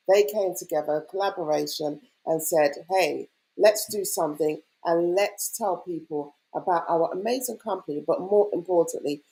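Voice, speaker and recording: A woman hosts a live online event over a video call with an eager, welcoming manner. Her voice sits fairly low, and she keeps the talk chatty and upbeat as she greets the audience. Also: dark tone, poor audio. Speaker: host.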